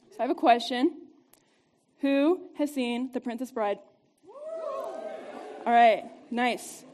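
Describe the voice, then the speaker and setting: A woman giving an upbeat, conversational devotional talk to a group, chatty and quick to laugh. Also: high voice, a little mellow. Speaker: church teacher.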